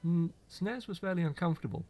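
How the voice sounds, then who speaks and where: A man's voice: fairly high pitch, fast. A young man co-hosting a podcast, chatting casually and teasing his co-host. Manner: animated, teasing, knowledgeable about games. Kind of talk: casual chat.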